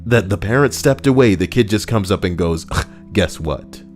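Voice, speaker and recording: Male streamer, deep and expressive, casual sarcastic chat over faint music. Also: normal speed. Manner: animated, sarcastic, jokes with chat. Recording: soft background music.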